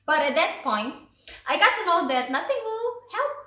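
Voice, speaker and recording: Young woman vlogger, chatty, higher voice, heard from a little way off the mic in an echoey room. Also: sing-song, normal speed, bright, forceful tone, distant mic. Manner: chatty, says "like" often. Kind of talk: casual storytelling. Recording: roomy echo, away from the mic.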